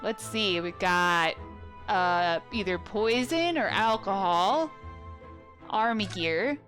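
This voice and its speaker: A woman's voice: mid-range voice, animated, takes it slowly, a bit bright. A young woman casually commentating a game with playful, joking asides. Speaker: let's play gamer. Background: game music.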